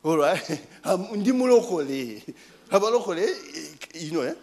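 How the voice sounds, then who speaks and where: A Ugandan preacher in his forties tells stories from the pulpit in a high, swooping voice. He speaks slowly, tossing questions to his listeners between lines. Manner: animated storytelling, call-and-response asides. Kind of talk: sermon with personal stories.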